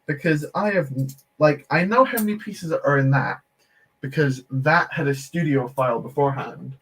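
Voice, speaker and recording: A man chats casually through a live building stream. He reads viewers' comments aloud and laughs often. His talk is loose and friendly, full of quick asides. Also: on the high side, a bit bright, husky. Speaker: Lego streamer.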